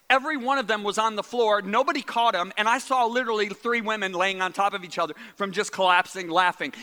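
High, bright-voiced man preaching. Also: in a large hall. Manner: animated, repeats words, drops to hushed tones for quotes. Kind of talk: sermon storytelling.

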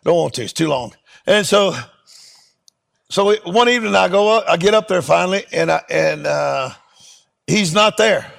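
A middle-aged man, a preacher telling a testimony in a sermon with animated, emphatic delivery. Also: sits high, moderate pace, gravelly, long pauses. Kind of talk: sermon storytelling.

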